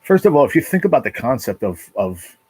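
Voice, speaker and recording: A man hosting his own livestream from his apartment, talking casually and emotionally in a halting, repetitive way with a lot of swearing. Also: medium pitch, big pitch swings, a little mellow, breathy edge, dry recording, low-quality recording. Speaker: livestream channel host. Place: apartment at home.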